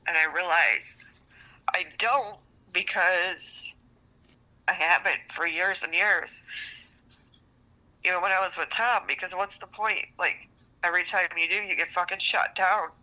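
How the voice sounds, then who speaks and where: Bright-voiced woman venting with frustration. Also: on the low side, steady tone, measured pace, poor audio. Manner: venting, frustrated, heavy swearing. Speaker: guest seeking relationship advice. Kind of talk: emotional personal storytelling.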